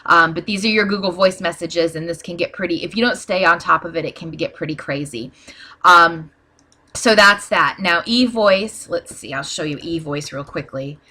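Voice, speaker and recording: Bright-voiced woman giving a screen tutorial. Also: fairly low pitch, moderate pace. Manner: plain, practical, many "um" fillers. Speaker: small business owner teaching ad posting. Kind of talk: casual screen-share tutorial.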